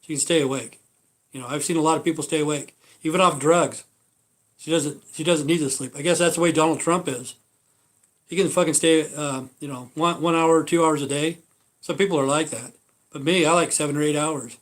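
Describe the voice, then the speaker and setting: A man's voice: fairly high pitch, steady tone, fairly quick. A man hosting a casual livestream, talking in a rambling, profane way with many fillers. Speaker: livestream host.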